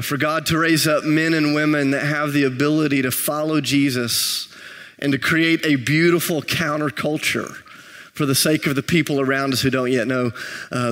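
A male pastor preaches a sermon, his voice pitched a bit high. He tells stories with self-deprecating humor, then builds to rising intensity. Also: fairly bright tone.

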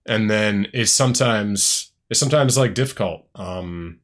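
A man hosting a casual talk, speaking in a reflective, halting way with many fillers. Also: lowish voice. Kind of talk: casual conversation.

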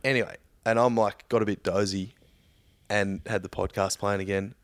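A young Australian man telling a story in casual chat, animated, jumping into loud high-pitched voices for the people in it. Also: normal speed.

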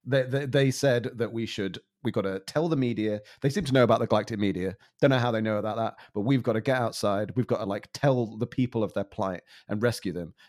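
A man's voice: fairly low pitch, fast, hardly any pauses, darkish tone. Exasperated man improvising comedy. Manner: exasperated, swearing, rambling.

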